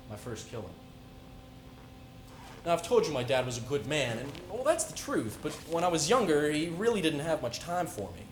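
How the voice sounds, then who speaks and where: A teenage student performing a dramatic monologue as a calm but unhinged male serial killer on death row, confiding softly one moment and shouting in a frenzy the next. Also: mid-range voice, reverberant, background noise, natural voice. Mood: quiet, confiding. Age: teens. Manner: soft, confiding menace breaking into frenzied shouting. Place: school auditorium stage.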